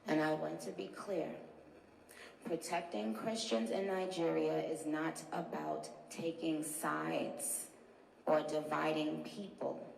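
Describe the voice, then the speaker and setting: A woman giving a formal prepared speech, solemn and deliberate. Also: low voice, fairly even intonation, creaky, darkish tone. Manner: slow, deliberate, solemn delivery. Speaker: speaker at a public address. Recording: echoey hall audio.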